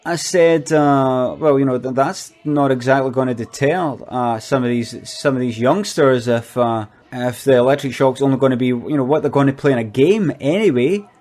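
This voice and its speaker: A man playing a hesitant, shady product promoter who fills his talk with halting pauses and deadpan asides. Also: mid-range voice, soft background music, lightly acted. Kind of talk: comic monologue.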